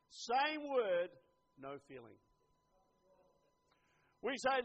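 An older man preaching a sermon, earnest, dropping to a hush and then rising to emphatic lines. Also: sits high, sing-song, slow, long pauses. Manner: earnest, swings from hushed to emphatic. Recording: dull lo-fi recording.

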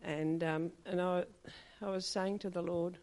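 A woman's voice: lowish voice, fairly even intonation, unhurried, darkish tone. An older woman telling a personal testimony at a church meeting, in chatty storytelling style. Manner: chatty storytelling, acts out quoted dialogue. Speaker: church member giving a testimony.

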